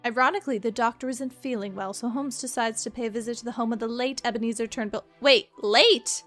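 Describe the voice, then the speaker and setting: A woman's voice: a little high, brisk, a bit bright, soft background music. A woman giving chatty, joking commentary while playing a detective game. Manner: chatty, joking, laughs often. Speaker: game streamer. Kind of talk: casual gameplay commentary.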